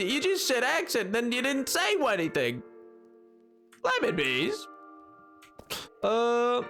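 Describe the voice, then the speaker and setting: A man live-streaming a video game, chatting casually and jokingly with his viewers. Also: high-pitched. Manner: animated, jokey, does silly voices. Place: at home, playing a video game.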